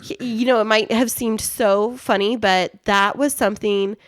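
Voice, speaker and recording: A woman's voice: medium pitch, fairly even intonation, moderate pace, no room sound, clean studio sound. A woman co-hosting a podcast, telling stories casually and laughing often. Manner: warm storytelling, laughs often. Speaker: podcast co-host. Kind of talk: casual chat.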